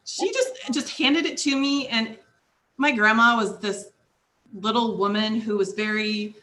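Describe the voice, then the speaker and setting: Bright-voiced chatty woman author. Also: a little high, a little slow. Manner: chatty, laughs often between thoughts. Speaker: guest author. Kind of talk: casual interview chat.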